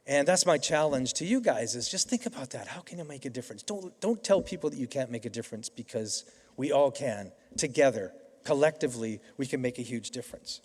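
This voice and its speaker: A man's voice: medium pitch, expressive, brisk, a little mellow. A middle-aged Canadian man giving a convocation keynote, telling stories in a conversational way with frequent restarts. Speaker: keynote speaker. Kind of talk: convocation speech. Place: large hall. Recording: reverberant hall.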